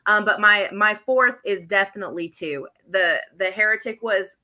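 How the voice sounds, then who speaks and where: A woman's voice: medium pitch, moderate pace, bright, forceful tone. A woman hosting a casual podcast, chatting and steering the discussion. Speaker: podcast host.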